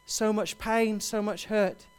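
Impassioned high-voiced preacher. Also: male voice, fairly even intonation, slow, clean tone. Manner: impassioned, swells loud on repeated cries for help. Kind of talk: sermon.

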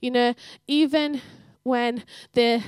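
A woman giving a sermon in church, telling a story and acting out the dialogue with lively energy. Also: a little high, slow pace, clear, resonant tone, dry recording, clean studio sound. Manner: animated storytelling, acts out dialogue. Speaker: church speaker.

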